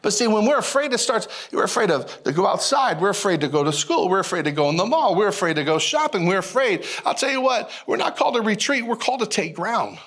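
A male pastor preaching a sermon in an animated, folksy way, repeating phrases and calling out to the congregation. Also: high voice, fast talker, few pauses. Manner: animated, repetitive, folksy preaching with audience call-outs.

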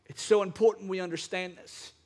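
A male pastor preaching a sermon with fervent, repetitive phrasing, at times wound up and excited. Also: high-pitched, a little fast.

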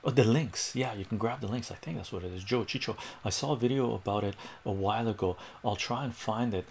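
A man with a low, gravelly voice talks casually on a livestream. He rambles through a story and chats with his viewers in an easygoing, conversational way, with a faint hiss behind him. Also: quick pace. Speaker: livestream math tutor.

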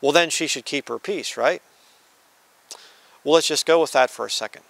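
A man's voice: fairly high pitch, moderate pace, vocal fry, a bit bright, no room sound. A man giving a conversational Bible teaching, reading scripture and acting out quoted voices. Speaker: preacher. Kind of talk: sermon-style Bible teaching.

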